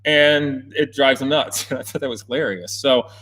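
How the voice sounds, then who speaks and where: An American man hosting a casual livestream Q&A from an indoor race shop, talking in an energetic, excitable way and laughing often. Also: mid-range voice, normal speed. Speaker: host.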